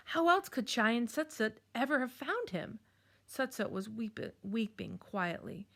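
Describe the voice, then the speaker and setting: A woman reading a children's chapter book aloud in a calm, measured storytelling manner. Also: on the high side, vocal fry. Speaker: storybook reader.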